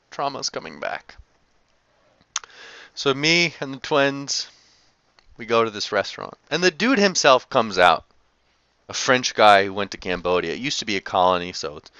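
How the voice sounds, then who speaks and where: A man telling a food travel story to camera in a casual, animated, profane way that is often broken by laughter. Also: sits low, clear, resonant tone, no room sound. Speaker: travel vlogger. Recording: slightly dull lo-fi sound.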